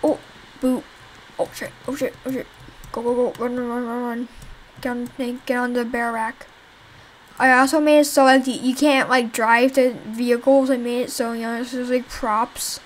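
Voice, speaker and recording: Playing her own zombie game, a young game developer comments casually to viewers in a slightly high, level voice at normal speed. She rambles and curses at the enemies, and the poor audio carries a little hiss or hum.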